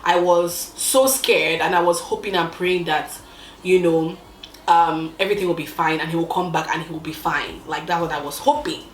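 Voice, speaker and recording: A young woman telling a storytime with expressive, dramatic emphasis, drawing out key words. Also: lowish voice, normal speed, roomy sound, slight background noise, poor audio. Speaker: vlogger. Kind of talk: casual storytime.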